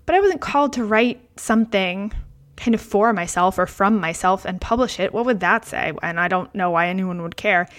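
A woman hosting a podcast, talking in a candid, gentle and reflective personal monologue. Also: mid-range voice, moderate pace. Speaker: podcast host.

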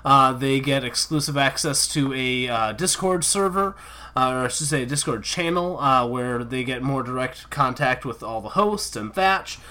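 A man's voice: medium pitch, moderate pace, bright, forceful tone. A man hosting a casual podcast outro, rambling with lots of fillers. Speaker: podcast host.

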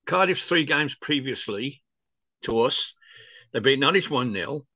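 A man's voice: medium pitch, animated, measured pace, bright, forceful tone, no echo. A man co-hosting a football podcast, reading out stats in a wry way. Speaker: podcast co-host. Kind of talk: casual football chat.

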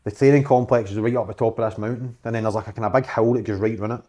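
A Scottish former footballer telling dressing-room stories in a casual chat, acting out other people's lines and swearing freely. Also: male voice, on the low side, rapid-fire. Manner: animated storyteller, swears a lot, acts out quotes.

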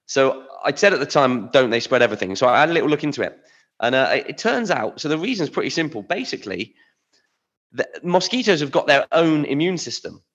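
A man's voice: on the high side, sing-song, brisk, fairly bright tone. Chatty British man, dull lo-fi audio. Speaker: podcast co-host. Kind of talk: casual chat.

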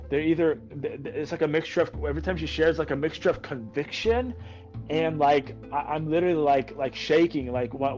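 Earnest man, dull lo-fi audio. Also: a little high. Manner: earnest, excited faith storytelling. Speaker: military veteran guest. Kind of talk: conversational podcast interview.

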